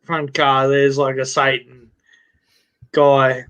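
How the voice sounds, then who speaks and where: Slow rambling man telling a joke. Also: medium pitch, flat delivery, a bit bright, smooth, dull audio. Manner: rambling, swears a lot, restarts often. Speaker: live stream host. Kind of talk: casual chat, telling a joke.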